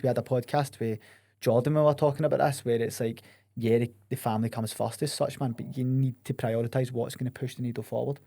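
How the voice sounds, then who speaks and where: A man's voice: medium pitch, steady tone, quick pace, gravelly, warm tone. A young Scottish man hosting a podcast, chatting casually, swearing and laughing often. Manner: laughs often, swears, says "mate" a lot. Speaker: podcast host. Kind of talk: casual chat.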